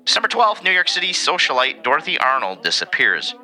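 Animated man reading history with jokes. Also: a little high, brisk, faint music behind, low-quality recording. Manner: animated, reads facts with joking asides. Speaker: podcast co-host. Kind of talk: casual podcast history segment.

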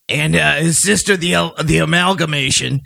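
A man voicing a rowdy, partying male Jersey Devil in an improvised comedy bit, talking loud like a beach-town party bro. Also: a little high, moderate pace, vocal fry, no echo, exaggerated voice. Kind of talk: improvised comedy role-play.

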